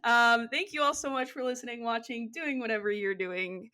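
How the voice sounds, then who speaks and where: A woman's voice: on the high side, moderate pace, bright, forceful tone. A young adult woman co-hosting a podcast, talking in a rambling, casual way with lots of fillers and asides. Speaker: podcast co-host. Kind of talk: casual chat.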